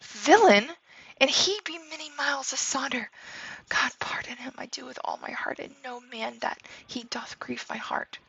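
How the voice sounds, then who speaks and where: A woman's voice: sits high, moderate pace, dull audio, a little hiss or hum, pitched above the performer's own voice. Juliet, a woman reading as a grieving young noblewoman. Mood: hushed. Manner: reads verse aloud, sometimes soft and breathy.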